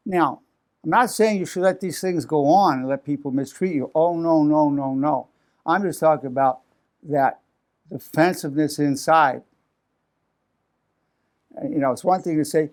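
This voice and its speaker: A man's voice: a little high, moderate pace. A man in his eighties, a psychologist, teaching in loose spoken talk and acting out defensive replies. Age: 80s. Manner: animated, acts out defensive quotes with raised voice; frequent restarts and repeated words. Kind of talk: unscripted talk to camera.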